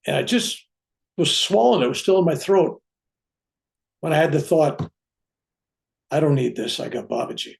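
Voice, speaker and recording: A reverend telling a personal spiritual story, acting out what people said along the way. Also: male voice, a little high, moderate pace, creaky, pauses often. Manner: animated, acts out dialogue in his own voice. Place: room at home with a bookcase.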